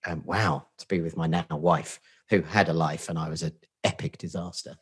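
Speaking at a normal speed with fairly even intonation, this agency founder has a low, breathy voice and a Portsmouth accent. He's a middle-aged man from Portsmouth, England, guesting on a podcast. The interview is casual, and he swears, jokes and pokes fun at himself.

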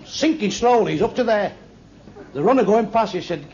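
A man's voice: high-pitched, animated, normal speed. A man telling blunt, crude jokes in a club stand-up routine, with asides to the crowd. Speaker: stand-up comedian. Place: live club venue with audience. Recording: echoey room, dull lo-fi live tape with crowd noise.

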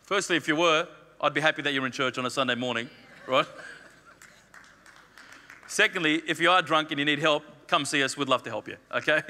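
A man's voice: fairly high pitch, fast talker, long pauses, pushed and bright. A man preaching a sermon as pastor, emphatic, repeating phrases and acting out the lines he quotes. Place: church hall. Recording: long reverb of a church hall.

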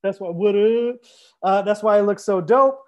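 A young sommelier hosts a live wine tasting, talking casually and upbeat straight to his viewers. His voice is high-pitched, his pace moderate, and the audio sounds dull.

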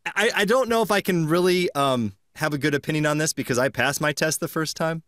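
A man's voice: a little high, a little fast, a bit bright, dry recording, studio quality. A man hosting a podcast in casual chat, playfully reading quiz questions aloud and laughing mid-sentence. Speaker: podcast host.

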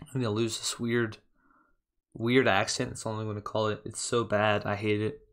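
A man's voice: lowish voice, flat delivery, normal speed, a bit bright. A young man casually talking over a reaction video of himself, chatty and laughing at himself often.

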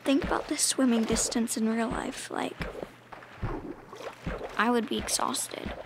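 A woman's voice: fairly high pitch, steady tone, unhurried, background noise. A woman giving casual, rambling let's-play commentary, mumbling and chatting to the animals in her game. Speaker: gaming channel host.

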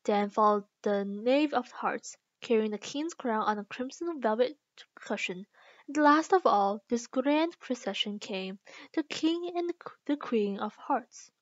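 Woman reader, careful and slow; dry, lo-fi home recording. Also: on the high side, lively intonation, dry recording. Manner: slow, careful reading with small restarts. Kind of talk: reading a children's book aloud.

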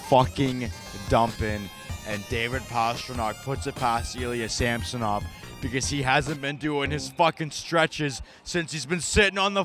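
A man in a comedic hockey fan rant, swearing and breaking into shouted outbursts, playing it heartbroken. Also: mid-range voice. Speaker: ranting hockey fan host. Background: music.

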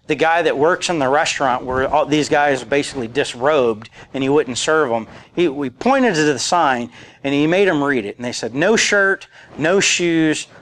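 A man in his forties gives a conference talk in a loose, chatty way and drops in quotes from old movies. His voice sits a bit high for a man. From rural area. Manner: casual, joking, quotes movie lines. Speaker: conference speaker. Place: conference room.

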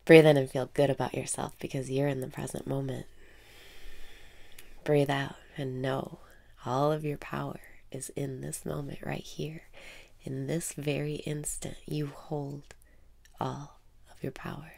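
Gravelly low-voiced woman guiding meditation. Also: little pitch movement. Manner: slow, soft, often breathy whispers; repeats breathing cues and mantras. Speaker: meditation guide. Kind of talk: guided meditation.

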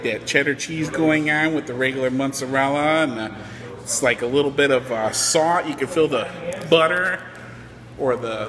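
A man in his middle pitch range reviews food casually, wandering through his thoughts as he talks. The room is echoey, with a long reverb tail. Voices chatter around him. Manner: rambling, thinking aloud with fillers.

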